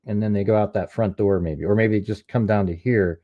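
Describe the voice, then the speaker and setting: A true crime commentator with a lowish, steady voice talks a little fast with few pauses, on lo-fi audio with no echo. In a casual analysis, he walks step by step through a recording and points out its details.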